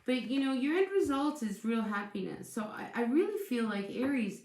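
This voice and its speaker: A woman's voice: a little high, very animated, normal speed, few pauses, a little mellow, echoey room. A woman giving a casual tarot reading, speaking in a chatty, reassuring way and often repeating herself as she restarts sentences. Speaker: tarot reader.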